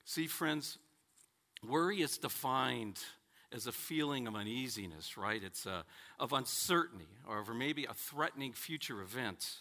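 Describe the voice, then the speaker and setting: A man preaching a sermon, telling stories and acting out their characters with dramatic pauses. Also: medium pitch, lively intonation, sharp tone.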